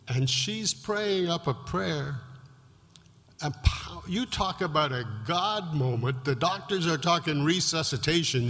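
Storytelling pastor in a reverberant hall. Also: male voice, a little high, a bit bright. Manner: conversational, vivid storytelling. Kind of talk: sermon testimony storytelling.

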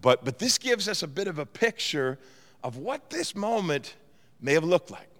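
Male pastor, lively storyteller, slightly high voice, long church-hall reverb. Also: normal speed. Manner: animated storyteller, acts out quotes. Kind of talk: sermon.

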